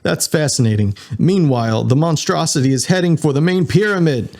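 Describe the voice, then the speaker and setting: A man's voice: fairly high pitch, animated, a little fast, gravelly, darkish tone, pitched above the performer's own voice. A man voicing a dry, sarcastic man who swears under pressure in an audiobook.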